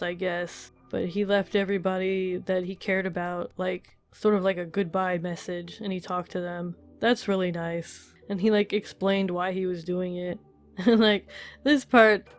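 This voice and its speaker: Woman, casual review, emotional, laughs a lot, fillers, mid pitch, faint guitar music underneath. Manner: emotional, laughs often, gushing with many fillers. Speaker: manga reviewer. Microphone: desk mic while reading.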